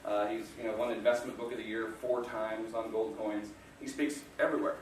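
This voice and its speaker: A man's voice: on the low side, steady tone, fairly quick, a little hiss or hum. A man giving a motivational talk to an audience, telling self-deprecating stories and chuckling often. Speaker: guest speaker. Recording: echoey room, distant mic.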